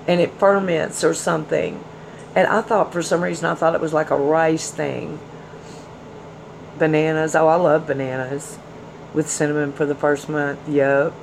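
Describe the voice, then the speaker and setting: A woman's voice: low voice, vocal fry, darkish tone, slight background noise, low-quality recording. A woman hosting a tarot livestream, chatting casually with viewers and reading their comments. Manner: chatty, folksy, addresses viewers as y'all and hon.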